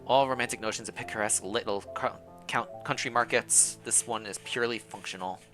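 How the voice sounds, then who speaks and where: A man's voice: mid-range voice, a little fast, bright, forceful tone, soft background music. A man streaming, casually reading a visual novel aloud and commenting, often laughing and correcting himself.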